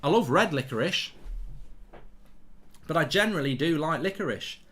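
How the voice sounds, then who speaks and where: A man's voice: a little high, expressive, moderate pace, a bit bright. A man hosting a live football watchalong, chatting bluntly and reading out viewer comments. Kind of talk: casual live-stream chat and commentary.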